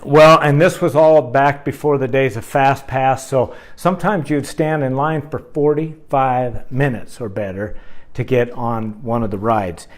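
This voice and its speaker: A man telling a rambling, animated story to his camera in a casual vlog. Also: medium pitch, measured pace. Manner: animated, rambling, with fillers and asides.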